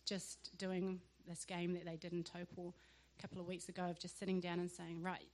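A young woman, sharing a lively church testimony and acting out the conversations in it. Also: lowish voice, a little fast. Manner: animated storyteller who acts out dialogue with laughter.

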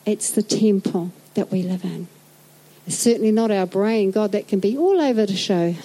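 A middle-aged woman with a New Zealand accent preaching a sermon in a lively, joking way, acting out little scenes. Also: fairly high pitch, normal speed, rough recording. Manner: animated, jokey, acts out little scenes.

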